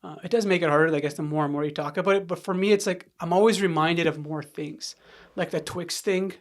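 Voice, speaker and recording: A man's voice: on the high side, steady tone, quick pace. A man as a podcast guest, telling his own story candidly, rambling with restarts and tag questions, sometimes dropping to a near-whisper. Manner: rambling, frequent "right?" and restarts, drops to near-whisper when reliving moments. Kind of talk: candid personal storytelling in conversation.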